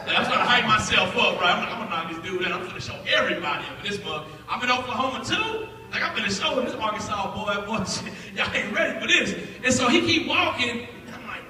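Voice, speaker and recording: A man, telling a lively testimony to students as guest speaker in a school chapel. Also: high-pitched, quick pace. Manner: animated, acts out voices. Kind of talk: storytelling testimony. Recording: echoey hall from far off.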